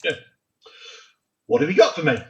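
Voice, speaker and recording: A man's voice: fairly high pitch, normal speed, low-quality recording. A middle-aged man hosting a mock phone-in quiz with camp, teasing, theatrical banter. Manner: animated, teasing, exclaims loudly.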